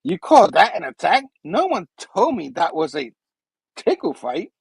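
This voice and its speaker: A man's voice: high voice, very animated, measured pace, vocal fry, breathy edge, no echo, exaggerated voice, poor audio. A man voicing a cocky young male villain-turned-hero with a smug, taunting delivery.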